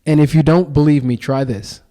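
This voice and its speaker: A man talking casually and emphatically as a podcast guest, full of slang and lively stories. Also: a little high, brisk. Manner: animated, emphatic storytelling with slang. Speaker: podcast guest and show founder.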